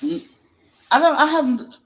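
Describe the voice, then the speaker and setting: Chicago dude talking slang, bright tense voice, roomy echo. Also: male voice, extremely high pitch, normal speed. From Chicago, Illinois. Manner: joking, slangy, lively. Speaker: panel participant. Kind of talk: casual chat.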